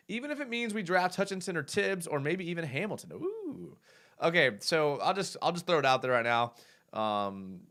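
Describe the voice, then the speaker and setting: A young man hosting a casual live show, reading viewer comments aloud and rambling through his thoughts with frequent restarts. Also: medium pitch. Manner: rambling, self-correcting, animated.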